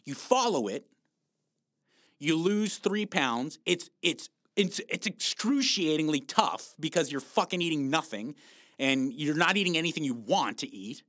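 A man's voice: on the high side, expressive, measured pace, a bit bright, no echo, clean studio sound. A man giving a blunt, profane motivational talk about fat loss, coaching his listeners and urging them on with emphatic encouragement.

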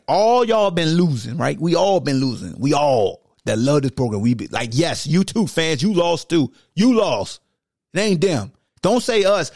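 A man in his forties rants about his team on a sports podcast, loud and slangy, bickering with his own alter ego. His voice sits high for a man. The sound is dry and close, with no room around it. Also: dry recording. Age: 40s. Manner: loud, slangy and ranting, arguing with himself. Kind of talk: heated sports rant in an alter-ego persona.

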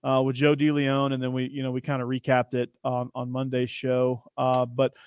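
A man's voice: medium pitch, completely flat delivery, normal speed, clear, resonant tone, no room sound. A man hosting a sports podcast, chatting and telling stories in an upbeat way. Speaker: podcast host. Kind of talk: casual sports podcast chat.

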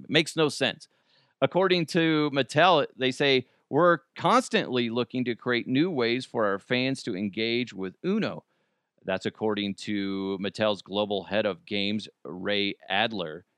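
A man's voice: medium pitch, a bit bright, clean tone, no echo, studio quality. A man from Colorado hosting a casual podcast, rambling and joking at his own expense. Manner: rambling, self-deprecating, jokey asides. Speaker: podcast host. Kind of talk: casual solo chat.

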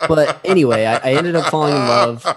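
A man's voice: on the high side, a little fast, a loud crowd. A man in his thirties from California, a podcast guest telling casual, rambling stories full of restarts. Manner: laid-back, rambling with frequent restarts. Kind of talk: casual storytelling chat.

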